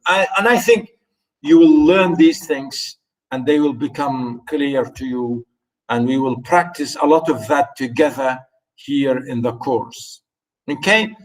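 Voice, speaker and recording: Slightly high in pitch, a native Arabic-speaking man delivers a university lecture very slowly, repeating his points and speaking directly to his students. He sounds somewhat distant from the microphone.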